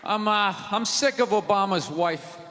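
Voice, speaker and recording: Brief: high-voiced male stand-up comic, loud exasperated rants, live theater with crowd noise and long reverb. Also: expressive, unhurried. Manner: loud, ranting, exasperated delivery. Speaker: stand-up comedian. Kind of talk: stand-up comedy set. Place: theater stage before a live audience.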